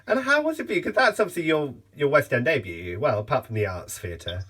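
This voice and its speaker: Male interview host: animated pitch, encouraging, slightly off-mic. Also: fairly quick, slightly rough, recorded from a distance. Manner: encouraging, asks short questions, laughs along. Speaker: podcast host. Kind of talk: casual interview chat.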